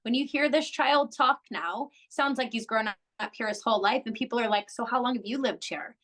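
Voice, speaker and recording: A woman in her forties from Canada, a podcast guest, chatting casually and telling animated stories with plenty of swearing. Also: on the high side, normal speed. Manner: lively storyteller, swears freely. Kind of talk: casual chat. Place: home in England.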